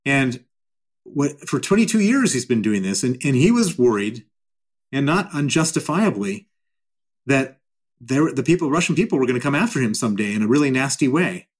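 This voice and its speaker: A man's voice: mid-range voice, very animated, moderate pace, slightly rough. A man answering interview questions at length, emphatic and given to repeating his points. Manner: emphatic and repetitive. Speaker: interview guest.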